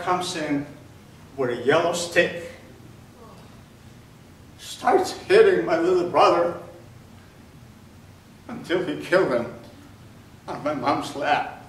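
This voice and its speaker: Captured from far off in an echoey hall with faint background noise, a Holocaust survivor, an older man, speaks to an audience slowly and deliberately, letting his voice sink low and soft at the most serious points.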